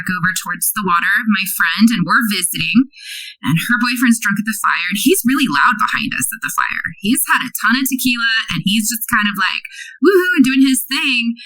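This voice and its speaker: A woman from Oregon, a podcast guest, telling a story in a chatty, animated way with quick asides. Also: medium pitch, no echo, rough recording. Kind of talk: casual storytelling.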